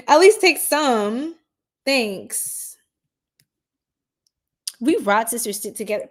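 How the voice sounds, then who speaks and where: Slow-talking giggly woman livestreaming. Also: fairly high pitch, animated. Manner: giggly, flustered, talks straight to chat. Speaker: astrology livestream host. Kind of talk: casual livestream chat with viewers.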